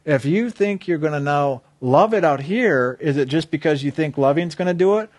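A man's voice: fairly high pitch, lively intonation, moderate pace, no room sound, studio quality. A man giving an earnest inspirational talk on a spiritual theme, often asking his listeners questions. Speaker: spiritual speaker.

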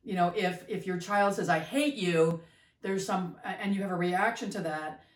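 A woman's voice: lowish voice, steady tone, normal speed. A middle-aged woman co-hosting a podcast, explaining in a reflective, teacherly way with hesitant fillers. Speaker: podcast co-host. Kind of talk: casual conversation. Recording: roomy sound from a distance.

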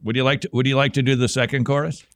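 A man's voice: medium pitch, flat delivery, rapid-fire, no echo, clean studio sound. A man hosting a comedic commentary show, sarcastic and mocking as he talks. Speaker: podcast host.

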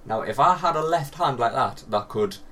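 A man's voice: medium pitch, lively intonation, normal speed, sharp tone, far from the mic, a little hiss or hum. A man co-hosting a casual chat podcast, riffing and swearing freely. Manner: swears freely, riffs with jokey asides. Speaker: podcast co-host.

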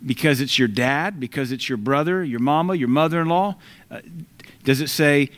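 A man's voice: on the high side, moderate pace, fairly bright tone. A middle-aged man preaching a sermon, emphatic and quoting scripture, now and then mimicking voices for effect.

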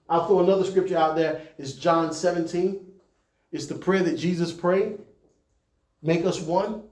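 A man's voice: sits high, mellow, reverberant. A man preaching to church leaders in a conversational style, climbing to emphatic peaks. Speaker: pastor.

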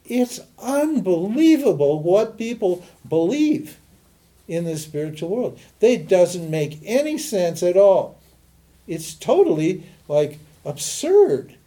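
A man's voice: on the high side, warm tone. An older man from Montana, giving an emphatic teaching talk and answering his own rhetorical questions. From Montana, USA. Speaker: spiritual teacher.

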